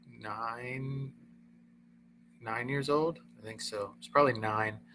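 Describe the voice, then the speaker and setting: Male comedian host, middle-aged, bright tone, animated storytelling with a faint hum behind. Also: mid-range voice. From Southern Florida. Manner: animated, acts out quoted voices, frequent laughter. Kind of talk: casual storytelling on a livestream.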